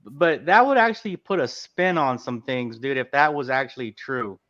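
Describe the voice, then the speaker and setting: A man's voice: mid-range voice, animated, normal speed, fairly bright tone, muffled recording. A man co-hosting a podcast in loose, slangy casual chat, calling his co-hosts "dude.". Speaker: podcast co-host.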